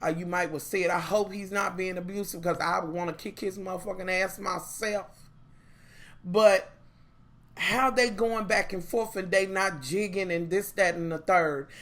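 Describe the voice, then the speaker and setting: A woman's voice: on the low side, moderate pace. A woman reviewing a TV show in a casual chat, blunt and profane, talking straight to her viewers. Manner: animated, opinionated.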